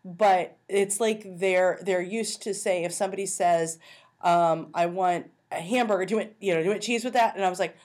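A woman's voice: lowish voice, normal speed, a little mellow. A woman on a podcast telling a personal story in casual chat, acting out both sides of the conversation.

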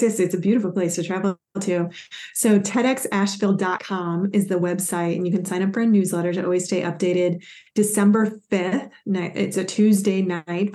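A woman's voice: medium pitch, a little mellow. A woman guest on a radio show, an executive coach, giving details in a friendly, practical way. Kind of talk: casual interview talk.

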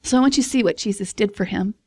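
A woman preaching a casual sermon in a chatty, expressive way, laughing often and acting out voices. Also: medium pitch, very fast, slightly rough, no room sound, clean studio sound.

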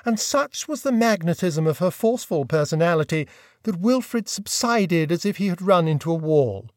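Casting: male audiobook reader, wry comic storytelling, lively melodic delivery. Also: high voice, normal speed, dry recording, clean studio sound. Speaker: audiobook narrator. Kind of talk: scripted narration.

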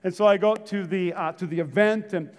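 A man pastor preaching a sermon, swinging from shouts to soft near-whispered lines and calling out to the congregation. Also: high voice, fairly quick, long reverb tail. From United States. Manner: calls out to the congregation. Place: church hall.

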